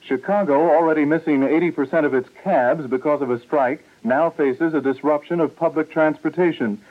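Guy reading radio news headlines, formal and steady, tinny old broadcast sound. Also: a little high, normal speed. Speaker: news anchor. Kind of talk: radio newscast.

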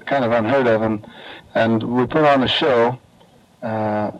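A man answering in a radio interview, friendly and hesitant with many pauses. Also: medium pitch, steady tone. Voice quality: warm, hesitant with many fillers. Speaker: interview guest. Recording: dull old radio with faint noise.

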